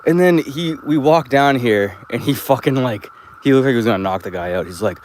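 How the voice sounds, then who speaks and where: A man's voice: mid-range voice, lively intonation, a little fast, few pauses, darkish tone, slight background noise. A man in his thirties, talking casually and profanely as he walks outdoors, telling stories in a chatty, rambling way. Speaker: vlogger. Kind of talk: casual rambling walk-and-talk. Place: outdoors, walking around an open lot.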